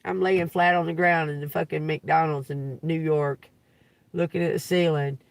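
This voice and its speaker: Middle-aged Southern woman with a gravelly fry and a dry sound, off-mic, cussing live-stream storyteller. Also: low-pitched, normal speed, dry recording, far from the mic. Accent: Southern US (Georgia). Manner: profane, animated, laughs through the story. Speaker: live-stream tarot reader. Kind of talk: rambling casual storytelling.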